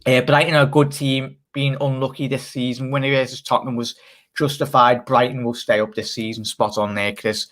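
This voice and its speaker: A man's voice: medium pitch, flat delivery, brisk, fairly bright tone. A man hosting a casual live stream, reading out viewers' comments in a chatty way and laughing often. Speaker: channel host.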